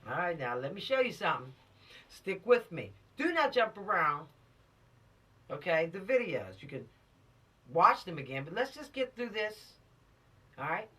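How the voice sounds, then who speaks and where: A woman's voice: lowish voice, moderate pace, pauses often, breathy edge, far from the mic. A woman instructor giving an emphatic, lecturing lesson on the law to teenagers, addressing them directly and urging them to stay out of trouble. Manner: lively and showy. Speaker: teen law-literacy instructor.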